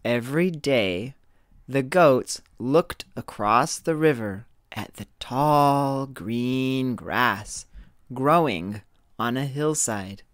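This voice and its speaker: A man reads a children's fairy tale aloud at a very slow, measured pace. His voice sits in an ordinary middle pitch, and the recording is dry and close. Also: expressive, a bit bright, no echo. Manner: slow, deliberate reading aloud. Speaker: storyteller. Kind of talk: children's story reading.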